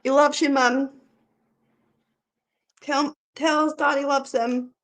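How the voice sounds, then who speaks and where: A middle-aged Scottish woman hosting a casual live stream, chatty and giggly, fumbling with the software as she talks to viewers. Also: high-pitched, little pitch movement, takes it slowly. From Scotland.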